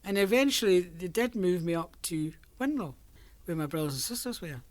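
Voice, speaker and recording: In an oral history interview, an older woman from Scotland recalls her working life, chatty and laughing often as she tells stories. Her voice is fairly low and darkish in tone, expressive, and moves at a normal speed.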